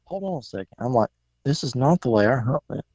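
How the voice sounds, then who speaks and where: Easygoing man, lively pitch. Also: quick pace, slightly rough, no room sound, muffled recording. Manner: laid-back, agreeable, chiming in with short replies. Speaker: podcast host. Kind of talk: casual chat.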